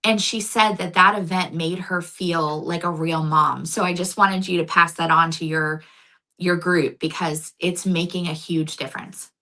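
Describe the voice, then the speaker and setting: A woman's voice: lowish voice, steady tone, unhurried, pushed and bright, rough recording. A woman running for local office, talking earnestly in a casual interview and telling stories. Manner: earnest, storytelling. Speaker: county commission candidate.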